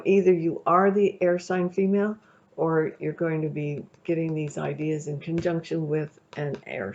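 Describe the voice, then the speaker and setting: A woman's voice: sits low, creaky, a little mellow. A woman giving a casual, chatty tarot reading, rambling a little and often checking in with the listener. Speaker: tarot reader. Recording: dull lo-fi recording.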